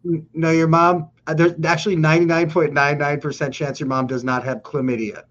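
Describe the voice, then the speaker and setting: A man's voice: on the high side, flat delivery, brisk, fairly bright tone, muffled recording. A male cohost on a comedy show, talking in an earnest, patiently explaining way.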